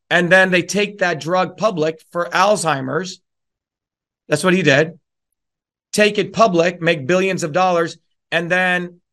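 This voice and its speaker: A man's voice: high-pitched, fairly bright tone. A man speaking at a town hall, explaining science in a lecturing way and then ranting in a profane, heated, combative manner. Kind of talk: lecture turning into an angry rant.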